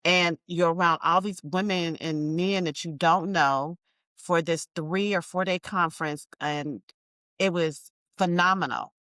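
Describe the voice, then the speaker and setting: A woman entrepreneur, a guest on an interview, telling her story in an emphatic, animated way and calling listeners y'all. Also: fairly low pitch, unhurried, no echo.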